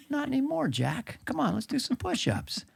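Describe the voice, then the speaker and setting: A man doing an impression of a rambling, confused older male president who threatens people and drops into breathy whispers. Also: very high voice, wildly swooping pitch, normal speed, pitched above the performer's own voice, full character voice. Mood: blustery. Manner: swings between blustery boasts and hoarse whispers.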